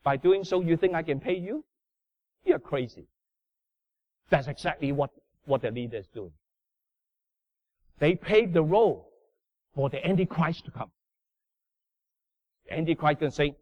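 A man preaching a sermon in non-native English, emphatic, swinging from loud bursts down to low murmurs. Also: lively intonation, a little slow, pauses often, no room sound. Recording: dull lo-fi sound.

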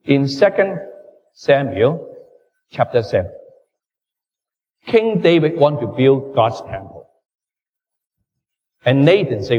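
A man's voice: mid-range voice, big pitch swings, slow pace, pauses often, warm tone. A man preaching a sermon, with emphatic, repetitive phrasing and direct address to the congregation. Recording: dull recording, long hall reverb.

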